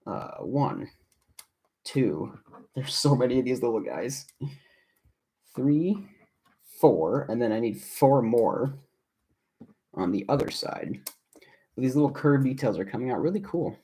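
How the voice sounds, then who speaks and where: A man's voice: mid-range voice, expressive, slow pace, pauses often, dark tone, husky. A man streaming from his apartment, chatting casually and rambling as he reads viewer comments aloud while he builds. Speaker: livestreamer and video creator. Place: home apartment.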